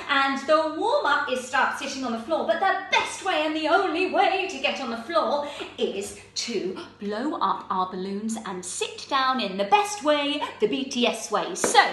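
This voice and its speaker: A woman leads a children's drama lesson, bright and high-pitched with a bouncy, lively delivery. She sounds a little distant from the camera, in a very echoey room. Her tone stays encouraging and playful. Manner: animated and encouraging, with exaggerated teacher cues.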